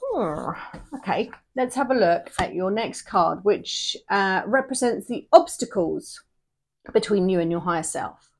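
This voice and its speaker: A woman's voice: medium pitch, expressive, measured pace. A woman giving a casual tarot reading, chatty and rambling, often checking in with "yeah?". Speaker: tarot reader.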